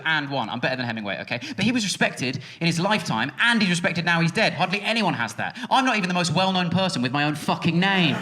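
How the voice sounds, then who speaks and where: A man, performing a sarcastic, punchy stand-up comedy set on the stage of a large music hall. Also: a little high. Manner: animated, sarcastic, punchy delivery with shouted bits. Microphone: stage microphone.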